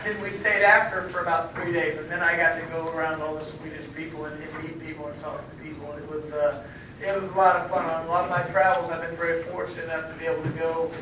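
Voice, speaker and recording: Guest speaker, male, earnest and rambling, fairly high voice, recorded from far off in a noisy, echoing school hall. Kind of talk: answering students' questions. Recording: echoey room from far off, noisy.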